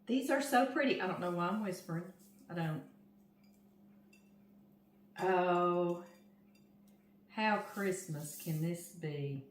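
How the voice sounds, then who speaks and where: A woman's voice: lowish voice, takes it slowly, pauses often, a little hiss or hum. An older woman from Louisiana with a Southern US accent, chatting to her viewers while she decorates a cake in her home kitchen. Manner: chatty, talks straight to viewers as "y'all". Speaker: home cooking vlogger. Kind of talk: casual cooking demonstration. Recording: roomy kitchen echo.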